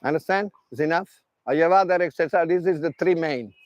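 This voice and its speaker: Italian-accented man, high voice, dry close sound, broken English, lively coaching talk. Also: a little fast, dry recording, muffled recording. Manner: broken English, animated, demonstrates with gestures. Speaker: tennis mental coach. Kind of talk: workshop talk.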